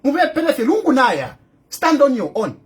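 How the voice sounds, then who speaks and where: A man's voice: very high-pitched, huge pitch swings, moderate pace. A Zambian man in an impassioned video monologue, indignant and firing off repeated rhetorical questions. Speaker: political commentator. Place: in exile abroad.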